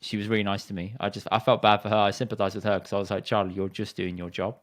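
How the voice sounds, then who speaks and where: A laid-back man co-hosting a casual podcast. He speaks matter-of-factly in a somewhat low voice. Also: level tone, quick pace. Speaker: podcast co-host. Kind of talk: casual chat.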